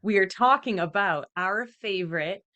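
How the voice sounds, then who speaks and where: A woman's voice: medium pitch, normal speed, bright, forceful tone. A Canadian woman hosting a podcast, chatting casually with lots of fillers and laughs. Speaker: podcast host. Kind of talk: casual chat.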